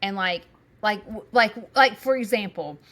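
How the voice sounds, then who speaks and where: A woman in her thirties co-hosting a casual podcast over a video call. Her voice is bright and forward, and she talks in animated, rambling bursts, laughing as she goes. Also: medium pitch, normal speed. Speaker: podcast co-host. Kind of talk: casual chat.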